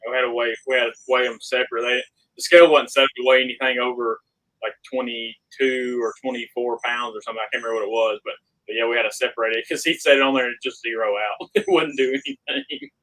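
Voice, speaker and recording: A young man, an angler guest telling a fishing story in a casual interview, animated and acting out the dialogue. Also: medium pitch, quick pace, low-quality recording. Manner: animated, reenacts dialogue, laughs often.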